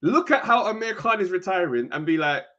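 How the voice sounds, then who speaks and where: A man's voice: sits high, animated, fairly quick, pushed and bright, lo-fi sound. A man, co-hosting a podcast and arguing his point insistently. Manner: argumentative, insistent. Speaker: podcast co-host. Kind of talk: casual debate.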